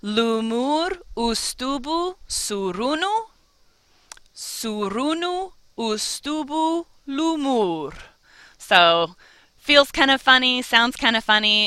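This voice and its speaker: A woman's voice: medium pitch, moderate pace, pushed and bright, clear, resonant tone, no room sound. A woman teaching a Spanish lesson, encouraging and carefully over-articulating each vowel. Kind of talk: slow, clear language lesson.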